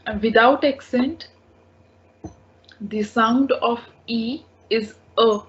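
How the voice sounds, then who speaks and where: Slow, patient woman teaching French. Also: fairly high pitch, steady tone. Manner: patient, repeats each word several times. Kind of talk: slow language lesson. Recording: dull lo-fi recording.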